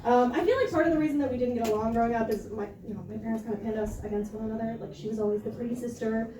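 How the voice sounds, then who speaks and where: High-voiced woman doing stand-up in a club. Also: very fast. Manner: deadpan, self-deprecating storytelling. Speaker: stand-up comedian. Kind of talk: stand-up comedy set. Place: comedy club stage. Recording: roomy club sound from a distance, with crowd noise.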